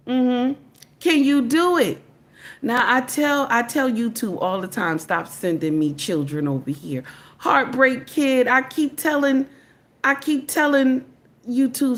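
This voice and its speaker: A woman's voice: a little high, fairly bright tone. A woman hosting a live stream, talking casually and emphatically to her chat, repeating phrases and greeting viewers by name. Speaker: livestream commentator.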